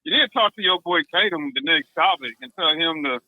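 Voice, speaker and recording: A man calling in to a podcast, arguing in a heated, animated, slangy way. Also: on the high side, a little fast, no room sound, lo-fi sound. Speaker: caller. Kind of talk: casual call-in chat.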